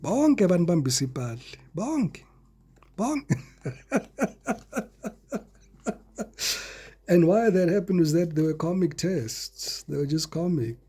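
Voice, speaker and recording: A South African man talking viewers through a tarot reading with easy, playful chatter. His voice sits a little high, with a mellow, husky grain. He hops between languages. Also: a little fast, hardly any pauses. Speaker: tarot reader.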